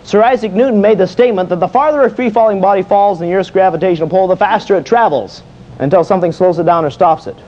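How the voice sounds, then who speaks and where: The speaker is a fitness instructor with a high voice, giving a homespun, humorous lecture on exercise in which he asks and answers his own questions. He's a fast talker with a slightly mellow tone, heard through muffled, lo-fi old-tape audio.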